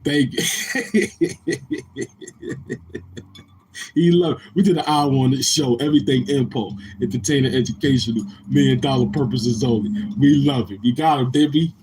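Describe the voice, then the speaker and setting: A man hosting a live stream, teasing and roasting a viewer in loud casual banter and often breaking into laughter. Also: medium pitch, moderate pace, pauses often, slight background noise.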